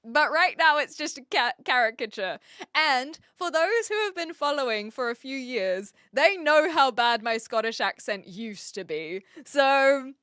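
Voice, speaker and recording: A giggly young woman streamer chatting with her viewers in a bright, sharp voice that sits a little high. She talks slowly, and the sound is dry and close, with no room echo. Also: lively intonation. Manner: giggly, laughs often. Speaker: live streamer. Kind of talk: casual chat with viewers.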